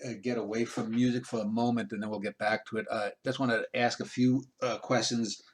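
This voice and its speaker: A man hosting a video-call interview, asking questions in a halting, casual way full of uh fillers. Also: mid-range voice, level tone. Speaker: interviewer host.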